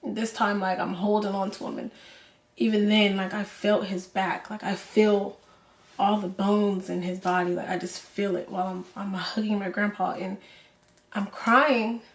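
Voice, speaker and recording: A young woman vlogger telling a personal story to the camera in an emotional, halting way, full of fillers. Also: mid-range voice, little pitch movement. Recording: roomy echo, voice from a distance.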